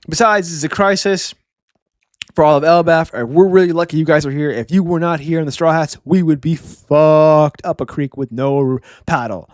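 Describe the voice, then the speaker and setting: A man's voice: fairly high pitch, moderate pace, no echo, studio quality, lightly acted. A man doing a cocky laid-back giant warrior. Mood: confident. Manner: boastful, laid-back slang. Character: confident strong male giant warrior.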